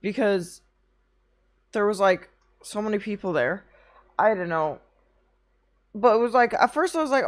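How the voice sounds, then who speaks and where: A woman's voice: mid-range voice, animated, unhurried. A young woman streaming, chatting casually with her chat, tired from little sleep, rambling through anecdotes and swearing often.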